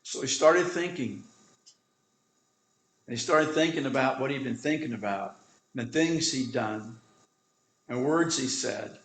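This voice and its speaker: A man who serves as the instructor, telling a story in an earnest way with dramatic pauses, recorded in an echoey room. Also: mid-range voice. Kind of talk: storytelling talk.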